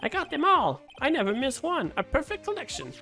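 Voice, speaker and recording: A woman's voice: high voice, huge pitch swings, fairly quick, faint music behind, voice pushed up, exaggerated voice. A woman doing a bragging little schoolboy. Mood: proud. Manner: bragging, eager, loud. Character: boastful grade-school boy, superhero fan.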